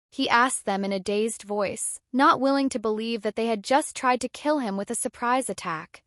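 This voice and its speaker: A woman narrating a fantasy audiobook in a steady, measured way, close to the mic. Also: a little high, no echo.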